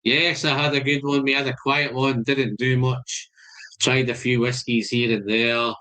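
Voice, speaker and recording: A man's voice: mid-range voice, little pitch movement, measured pace, sharp tone. A Scottish man hosting a live stream, chatting casually and greeting viewers by name. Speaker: whisky channel host.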